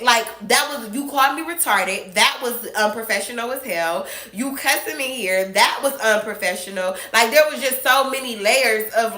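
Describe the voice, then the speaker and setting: Bright-voiced woman telling a work story. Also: fairly high pitch, moderate pace, echoey room. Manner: animated, acts out both sides of the argument. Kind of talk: casual storytime to camera.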